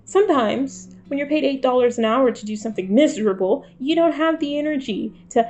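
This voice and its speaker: A woman's voice: on the high side, lively intonation, brisk, few pauses, a little mellow. A woman in her twenties talking candidly to camera in a vlog, wry and self-deprecating. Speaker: vlogger. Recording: faint guitar music behind.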